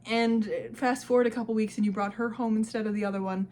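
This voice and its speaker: Young woman vlogger, somewhat high voice, warm casual chat that keeps breaking into laughs and tears. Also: little pitch movement, fairly quick, hardly any pauses. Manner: emotional, laughs and cries easily, swears casually. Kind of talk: casual vlog, talking to her past self.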